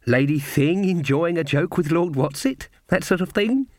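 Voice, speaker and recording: A man's voice: on the high side, animated, normal speed, a little mellow, no room sound, pitched above the performer's own voice, lightly acted. Brief: reader as a shy, hesitant small man, dry audiobook. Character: shy small bald man, a sketch artist.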